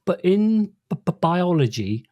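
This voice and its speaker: Mellow-voiced man telling stories on a podcast. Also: high-pitched, big pitch swings, measured pace, dry recording. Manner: stammering, playful storytelling. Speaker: podcast co-host. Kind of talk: casual chat.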